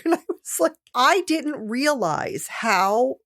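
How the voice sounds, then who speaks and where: A woman's voice: sits high, expressive, takes it slowly, fairly bright tone, no room sound, clean studio sound. A woman co-hosting a podcast, telling stories in casual chat and laughing often. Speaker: podcast co-host.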